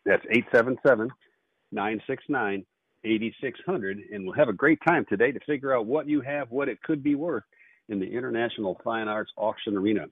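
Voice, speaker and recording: A man hosting a call-in radio show with fast, upbeat auctioneer patter. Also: mid-range voice, breathy edge, no echo. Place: radio studio. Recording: phone-like narrow band.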